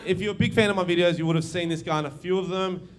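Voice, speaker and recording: A young Australian man doing a crude, brash live stand-up routine, telling stories with quick asides. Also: high-pitched, steady tone, over a noisy crowd, heavy background noise. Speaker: stand-up comedian. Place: comedy venue stage.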